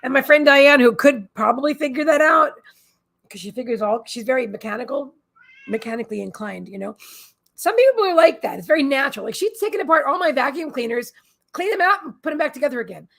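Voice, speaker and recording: High, gravelly woman host; rambling, emotional, restarts a lot, casual livestream talk. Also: animated, fast, a bit bright. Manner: coos in baby talk to her pets. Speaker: psychic reader and healer, livestream host.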